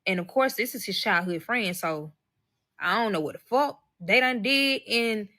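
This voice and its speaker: Woman, bright clear voice, casual storytelling, profane, emphatic, acts out quoted voices. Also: medium pitch, lively intonation, normal speed, dry recording. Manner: profane, emphatic, addresses listeners as y'all. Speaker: storyteller recounting a personal experience. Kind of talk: casual storytelling to a live audience.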